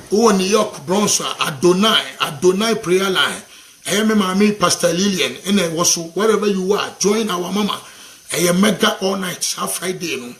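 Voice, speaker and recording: A man with a Ghanaian accent preaches in a high, ringing voice, fervent and repetitive. He leads call-and-response declarations and slips Twi phrases into his English. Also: fairly bright tone. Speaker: gospel worship minister. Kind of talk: charismatic preaching and prophetic declaration.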